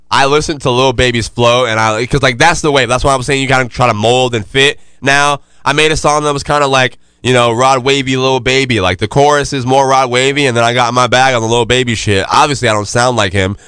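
A man hosts a casual podcast, his voice bright and forward. He talks loosely, full of slang and fillers, in a crisp, smooth tone. The sound is dry and close to the mic. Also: medium pitch, no room sound. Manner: laid-back, loose slangy delivery with many fillers. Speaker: podcast host.

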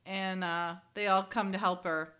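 A woman co-hosting a casual chat, animated, often laughing and acting out dialogue. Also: medium pitch, measured pace. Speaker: podcast co-host recapping an episode.

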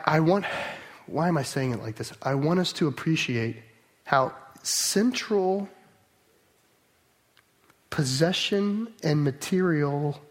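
High-voiced man preaching a sermon. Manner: earnest, emphatic, with restarts and rhetorical questions.

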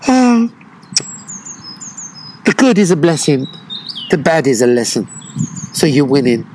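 A man who teaches breathwork retreats, talking slowly and reflectively in an interview, with many pauses and fillers. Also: mid-range voice, expressive, noisy background.

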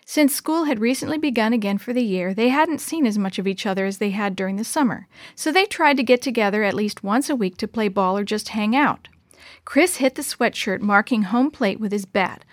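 A woman reading a children's chapter book aloud in a gentle, expressive storyteller voice. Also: mid-range voice, a little fast, no echo, clean studio sound.

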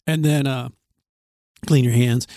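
A man casually telling a rambling, animated story on a podcast, full of restarts and laughter. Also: mid-range voice, takes it slowly, no echo, clean studio sound. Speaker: podcast co-host telling trail stories. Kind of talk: casual chat.

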